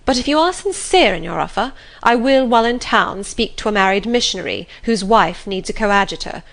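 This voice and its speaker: A woman reading the lines of a stern, cold young male clergyman in a grave, measured, reproving manner. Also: medium pitch, expressive, creaky, a bit bright. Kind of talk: audiobook reading.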